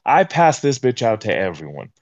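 A man's voice: lowish voice, big pitch swings, moderate pace, dry recording, muffled recording. Young male podcast guest, casual slangy storyteller, dry sound.

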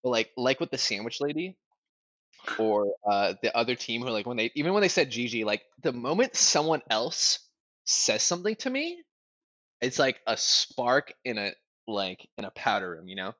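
A young man telling a story in casual chat, animated, swearing a lot, with lots of "like" fillers. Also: medium pitch, moderate pace, no echo, lo-fi sound. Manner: animated, swears a lot, fillers like "like", bursts into loud yelling when reenacting.

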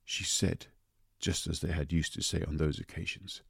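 A man reading a story aloud in a measured, deliberate way. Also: extremely low pitch, steady tone, vocal fry, slightly rough, no room sound, clean studio sound. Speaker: narrator. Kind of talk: audiobook narration.

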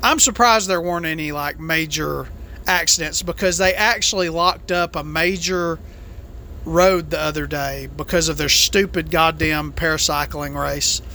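A woman with a bright, tense voice vents on her solo podcast, swearing hard as she complains about the road. Her delivery jumps around, leaping up in bursts and then dropping low and quiet. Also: normal speed, a little hiss or hum. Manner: profane, angry complaining; lively, jumpy delivery. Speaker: podcast host and truck driver.

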